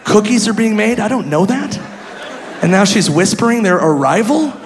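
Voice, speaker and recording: High gravelly comedian in a reverberant hall. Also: male voice, normal speed. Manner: animated, self-mocking, breaks into laughter. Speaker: stand-up comedian. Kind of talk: stand-up storytelling. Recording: live hall reverb, faint noise.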